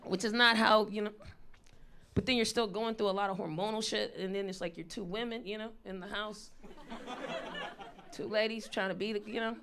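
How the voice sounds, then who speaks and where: A woman's voice: medium pitch, steady tone, normal speed, pauses often, a bit bright. A woman in her thirties doing a stand-up comedy set, blunt, profane and conversational as she tells her stories. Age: 30s. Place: live stage venue.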